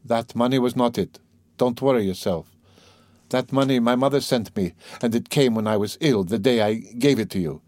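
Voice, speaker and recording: A man reading an audiobook, voicing a brooding young man who talks in a weary, low, muttering way. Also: moderate pace, a little mellow, no room sound, clean studio sound, close to an everyday voice. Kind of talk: audiobook character voice.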